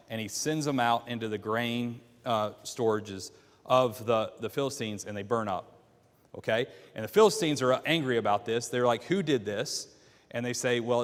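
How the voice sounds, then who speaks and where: Man teaching a Bible class in a reverberant church. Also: medium pitch. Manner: quizzes the class with questions.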